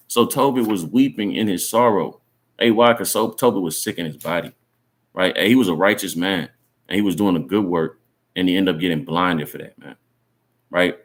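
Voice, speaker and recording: A man with a very low voice, teaching scripture in a loose, everyday way. He sounds earnest and encouraging and keeps checking in with his listeners. His phrases are filled with casual tags as he talks the message through. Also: normal speed, long pauses. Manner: conversational, repeats "man" and "right?" as tags. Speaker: Bible teacher. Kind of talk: informal sermon teaching.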